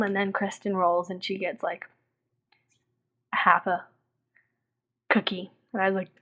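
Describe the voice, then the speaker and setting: Young woman, from Texas, casual video diary, animated storyteller, lots of "like". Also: mid-range voice, normal speed, long pauses. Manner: animated storytelling, heavy use of "like". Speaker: vlogger.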